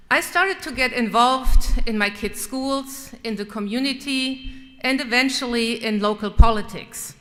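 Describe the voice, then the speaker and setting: A woman's voice: on the high side, fairly bright tone. A middle-aged woman with a German accent giving an earnest, personal farewell speech as a state legislator, with touches of self-deprecating humor. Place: large legislative chamber. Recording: long reverb in a large hall.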